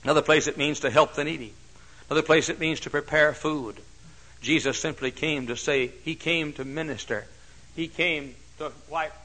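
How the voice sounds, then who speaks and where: A pastor preaching a sermon, moving from hushed storytelling to loud, shouted climaxes. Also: male voice, fairly high pitch, poor audio.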